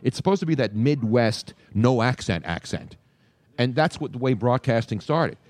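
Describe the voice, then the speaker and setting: An older man hosting a live sports radio show, talking in an animated way with trained broadcaster diction and a slight South Philly accent. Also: medium pitch, moderate pace, dry recording. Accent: slight South Philly under trained broadcast diction. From South Philadelphia. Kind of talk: casual radio talk. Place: radio row booth at a live event.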